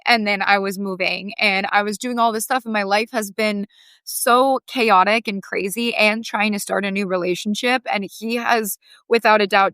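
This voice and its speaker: A young woman guest on a podcast, telling a personal story in a heartfelt, animated way with lots of "like". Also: mid-range voice, clean tone, no room sound.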